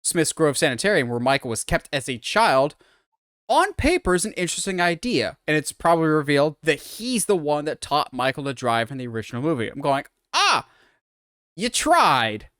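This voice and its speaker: A man's voice: on the high side, expressive, a little fast, fairly bright tone, no echo, clean studio sound. A man co-hosting a podcast, rambling through an opinionated film breakdown in casual chat. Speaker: podcast co-host.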